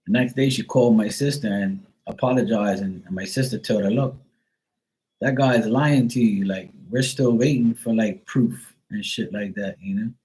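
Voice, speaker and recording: A man's voice: fairly low pitch, moderate pace, a little mellow, rough recording. A middle-aged man hosting a livestream, telling a rambling story full of blunt profanity in casual chat. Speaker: livestream host.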